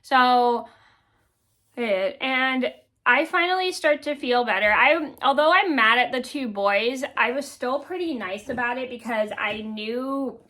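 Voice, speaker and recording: A woman's voice: a little high, measured pace, sharp tone. A woman in her thirties casually telling a personal story to her viewers, rambling with many ums and restarts. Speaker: vlogger.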